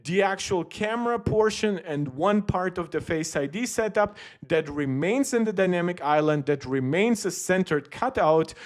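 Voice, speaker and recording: A German-native tech streamer rambles chattily through casual livestream commentary, often starting sentences over. His voice sits high and sounds animated, moving at a normal speed with hardly any pauses.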